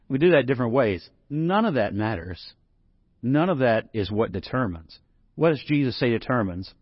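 A man's voice: mid-range voice, sing-song, normal speed, husky, no echo, muffled recording. Conversational male pastor preaching, dry sound. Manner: conversational preaching, rising to emphatic scripture reading. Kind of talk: sermon.

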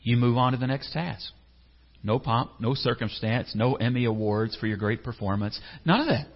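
Male pastor giving a sermon, chatty, keeps asking the room questions, slightly husky voice. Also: mid-range voice, normal speed. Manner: conversational, asks the congregation questions, acts out quotes. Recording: echoey hall, slightly dull sound.

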